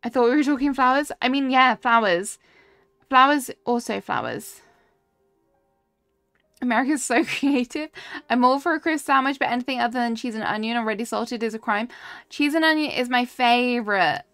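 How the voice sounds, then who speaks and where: A woman's voice: a little high, normal speed, a bit bright, dry recording, soft background music. A young woman live-streaming a cozy game, chatting casually and answering her chat as she builds.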